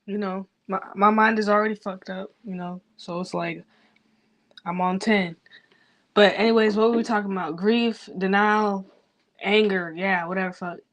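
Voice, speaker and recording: A woman's voice: medium pitch, fairly even intonation, normal speed. A grieving woman, rambling loosely and cursing freely in a personal vlog. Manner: rambling, profane, loose and unfiltered. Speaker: vlogger.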